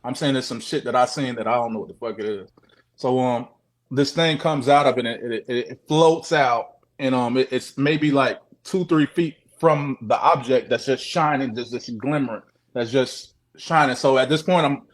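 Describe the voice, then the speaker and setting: A man's voice: medium pitch, normal speed. A man recounts a strange sighting in a loose, casual way. He swears freely, repeats himself, and jumps into the voices of the people in his story. He is heard over a video call. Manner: profane, repetitive, animated retelling. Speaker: guest sharing a sighting.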